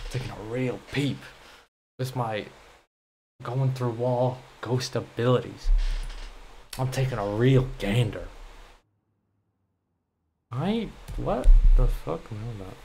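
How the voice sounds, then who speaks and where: A man's voice: mid-range voice, vocal fry, a little mellow, slight background noise. A young man streaming as he builds a game level, muttering, swearing and laughing at his own work.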